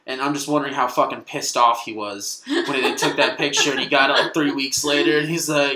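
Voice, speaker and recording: A man rambles through casual podcast talk, swearing and laughing as he goes. His voice is bright and clear, with the room's echo around it. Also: medium pitch, fairly even intonation, a little fast, hardly any pauses. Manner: rambling, profane, laughing often. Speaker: comedian guest.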